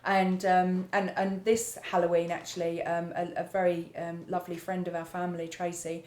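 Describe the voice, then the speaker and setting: A woman's voice: on the low side, monotone, normal speed, darkish tone. A woman working as a trance medium, talking casually in an interview, chatty and full of fillers and restarts. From England. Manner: chatty, laughs often, many fillers and restarts.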